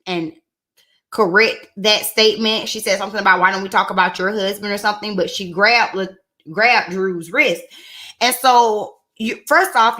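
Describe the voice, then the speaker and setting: A woman's voice: medium pitch, fairly bright tone. A woman giving a chatty, sassy recap of a reality show episode, with in her speech. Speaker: reality TV reviewer. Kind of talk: casual recap commentary.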